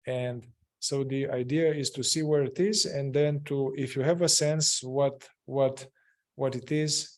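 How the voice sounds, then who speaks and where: A man's voice: mid-range voice, darkish tone. A man guiding a group through an emotional inquiry practice, speaking hesitantly with many fillers and restarts. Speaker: group facilitator.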